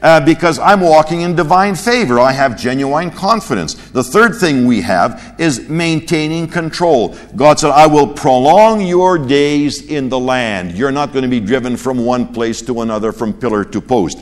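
A man's voice: medium pitch, lively intonation, normal speed, hardly any pauses. A man from North America teaching a Bible lesson in a sermon style, joking and laughing at his own stories, sometimes stumbling over repeated words. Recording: long hall reverb.

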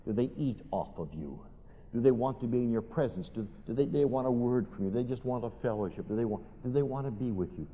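An older man preaching a sermon, telling funny stories in an animated way and putting questions to his listeners. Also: mid-range voice, quick pace. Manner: animated storytelling, asks the audience questions. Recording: dull recording in a long-reverb hall.

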